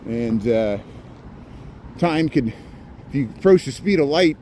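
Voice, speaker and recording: A man's voice: mid-range voice, lively intonation, unhurried, a little mellow. Man in the middle range, walking outdoors and rambling to his live-stream chat on a phone mic, with light street noise behind him. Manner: rambling, chatty, reads out viewer comments. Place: outdoors on city streets at evening.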